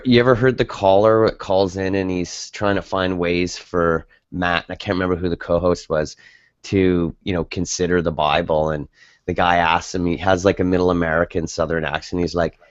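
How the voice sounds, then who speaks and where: A man chatting casually in a group call, who tells his stories with animation. His voice sits fairly low, and the recording is dry and dull, like a lo-fi voice chat. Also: moderate pace, no echo. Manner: animated storyteller, mimics voices when retelling.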